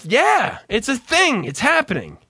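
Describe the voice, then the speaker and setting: A man's voice: very high voice, wildly swooping pitch, measured pace, bright, forceful tone, breathy edge, no room sound, studio quality. A young man hosting a podcast in casual chat, swearing and laughing often. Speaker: podcast host.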